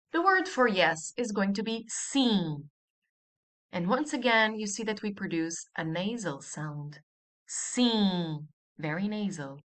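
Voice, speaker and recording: A woman's voice: mid-range voice, a bit bright. A woman teaching a language lesson, patiently repeating each example and asking the listener to say it after her.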